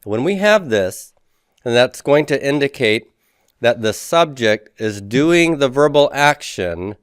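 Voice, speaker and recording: A man teaching a recorded grammar lecture, explaining step by step, spelling out Hebrew words slowly and often asking "okay?" to check in. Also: medium pitch, lively intonation, clean tone, no room sound, clean studio sound.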